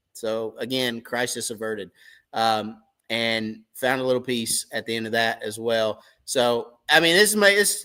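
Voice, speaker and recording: Bright-voiced man telling a story. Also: medium pitch. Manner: animated storyteller who acts out both sides of the talk. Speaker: tournament crappie angler and channel host. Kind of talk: live stream storytelling.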